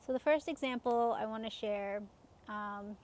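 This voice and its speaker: A woman's voice: fairly high pitch, a little slow, darkish tone. A woman in her thirties telling personal stories in a casual, chatty way, laughing often and using many fillers. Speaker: self-help coach.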